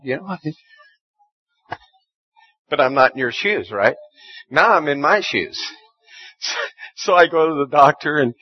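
A man's voice: mid-range voice, slightly rough, lo-fi sound. A man preaching a sermon and telling a personal story, often stumbling and repeating words as he starts a sentence.

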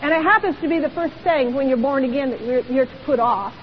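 A woman's voice: sits high, a little fast. A woman preacher delivering a sermon in church, emphatic and full of rhetorical questions. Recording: dull lo-fi recording with long hall reverb and faint hiss.

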